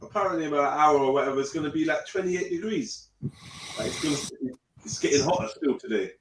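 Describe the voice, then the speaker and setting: A man's voice: on the high side, quick pace. A man hosting a casual live panel chat, telling laid-back stories. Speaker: livestream host. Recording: echoey room, faint noise.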